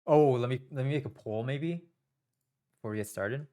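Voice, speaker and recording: A man's voice: mid-range voice, moderate pace, warm tone. A young man streaming live, talking casually to himself and his viewers in a nervous, rambling, self-mocking way.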